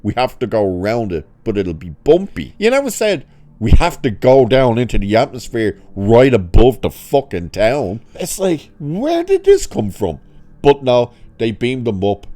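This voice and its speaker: A man giving a sarcastic, exasperated review of a TV episode, swearing freely and swinging his pitch up sharply when he mocks it. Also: big pitch swings, moderate pace, warm tone. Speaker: show reviewer.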